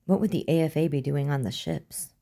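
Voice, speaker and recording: A woman's voice: brisk, creaky, dark tone. Woman reading a wary male soldier. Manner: low, matter-of-fact.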